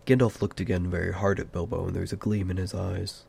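A man reading a fantasy novel aloud in a plain, unhurried amateur narration with small stumbles. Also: low-pitched, little pitch movement, gravelly, a little mellow, slightly rough. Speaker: audiobook reader.

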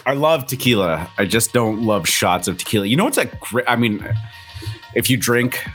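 A man's voice: medium pitch, big pitch swings, moderate pace, a bit bright, faint music behind. A man co-hosting a casual live morning show, easygoing and chatty, a little tipsy. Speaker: co-host. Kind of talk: casual live-stream chat.

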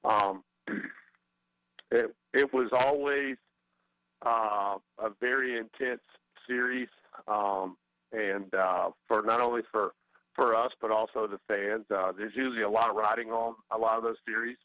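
A man's voice: fairly low pitch, fairly even intonation, unhurried, pushed and bright, no room sound, low-quality recording. A middle-aged man, a former baseball player, talking as a guest in a casual interview, hesitant with many fillers and restarts.

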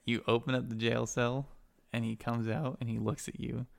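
Male game master with a gravelly edge, quick and casual while narrating the game. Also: medium pitch, level tone. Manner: brisk, improvised narration.

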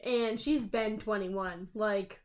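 A woman's voice: mid-range voice, slow pace. A woman in her twenties co-hosting a podcast, telling stories bluntly with lots of swearing. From England. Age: 20s. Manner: blunt and profane, animated storytelling. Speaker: podcast co-host. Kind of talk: casual chat.

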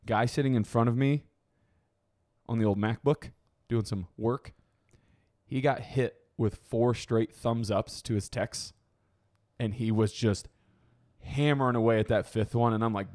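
A man casually telling a travel story in a chat, animated and wry. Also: mid-range voice, measured pace, long pauses. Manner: animated storyteller, acts out people in quotes.

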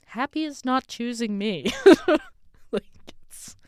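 A woman's voice: a little high, expressive, slow pace, clean tone, dry recording, studio quality. A woman candidly telling a personal story in a wry, self-mocking way, with sarcastic asides and frequent laughter. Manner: breaks into laughter often. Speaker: vlogger.

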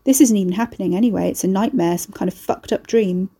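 A woman narrator voices a sharp-tongued young heroine in a dark storybook, broke and frazzled, snapping and cursing in a frantic mood. These lines come out higher and louder than the narration, mellow in tone yet fast with a breathy edge.

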